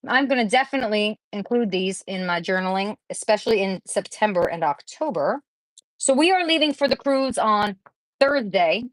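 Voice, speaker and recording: A woman's voice: mid-range voice, animated, normal speed, no echo, poor audio. A woman hosting a craft livestream, chatting casually with viewers and gushing over the crafts she opens, in a rambling way. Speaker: craft channel host.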